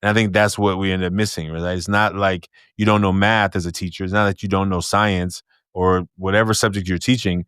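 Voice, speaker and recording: A man's voice: low voice, level tone, fairly quick, few pauses, fairly bright tone, clear, resonant tone, no echo, studio quality. A man hosting a podcast in casual conversation, reflective, often closing thoughts with a questioning tag. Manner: reflective, thinks aloud with "right?" tags. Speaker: podcast host.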